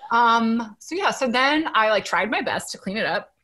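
A young woman telling a story as a podcast guest, animated and self-deprecating, acting out the dialogue, on a video call from home. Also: on the high side, a little fast, slight background noise. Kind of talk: casual storytelling.

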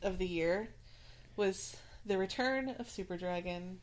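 A woman co-hosting a casual podcast, excitable and giggly. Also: medium pitch, measured pace, a crowd in the background. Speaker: podcast co-host. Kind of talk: casual chat.

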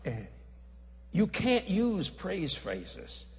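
A man preaching a sermon as an evangelist, telling a story animatedly, acting out dialogue and hollering at the high points. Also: wildly swooping pitch, very slow. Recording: long hall reverb.

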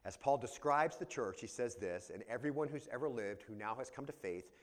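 A man's voice: medium pitch, lively intonation, fairly quick, in a large hall. A man preaching a verse-by-verse sermon as pastor, explaining the original Greek words as he teaches. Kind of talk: expository sermon. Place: church sanctuary.

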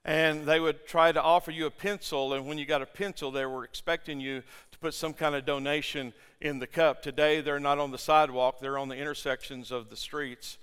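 A man's voice: a little high, steady tone, fairly quick, few pauses, fairly bright tone, clean tone. An older man preaching a sermon to a congregation, impassioned, with stammering restarts and rhetorical questions. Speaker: pastor. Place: church sanctuary. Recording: long church-hall reverb.

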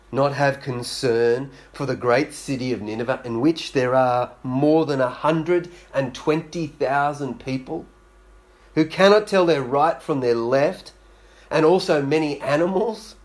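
A man's voice: medium pitch, slow pace. A man preaching a sermon, telling a story and acting out the voices in it with growing intensity.

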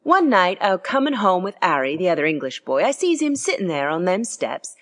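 A woman's voice: very animated, a little fast, fairly bright tone. A woman reading aloud and voicing a young Cockney bellboy who peppers his speech with "sir". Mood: earnest. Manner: dropped grammar, constant "sir", higher pitch.

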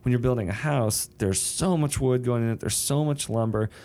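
In a relaxed, reflective chat about his craft, a songwriter and novelist explains his process through examples and bits of sung rhythm. He speaks at a normal speed in a mid-range, slightly mellow male voice.

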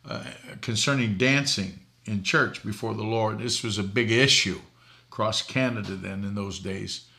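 An older man from Boston preaches in a gravelly voice with a bright edge. He tells folksy stories and chuckles at his own jokes while he hosts a talk show. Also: on the low side, moderate pace. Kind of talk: preaching talk show answering viewer questions.

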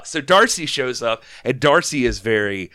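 A man's voice: medium pitch, lively intonation, normal speed, sharp tone, no room sound, clean studio sound. A man co-hosting a casual film talk in an easygoing, agreeable way. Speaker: podcast co-host.

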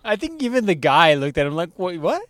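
High-voiced man in profane banter. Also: big pitch swings, brisk, fairly bright tone, no echo. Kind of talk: casual chat.

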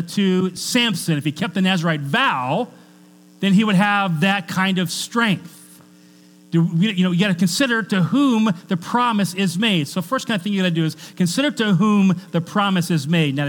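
A man's voice: high voice, fairly bright tone. A male pastor preaching a conversational sermon, reading scripture aloud with joking asides. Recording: long church reverb with faint mains hum.

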